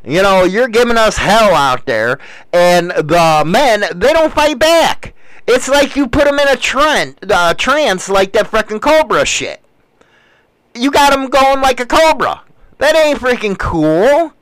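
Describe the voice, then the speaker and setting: A man's voice: very high-pitched, very animated, measured pace, a bit bright, no room sound, poor audio. An older man hosting a show, delivering a blunt, crude, ranting monologue in casual talk.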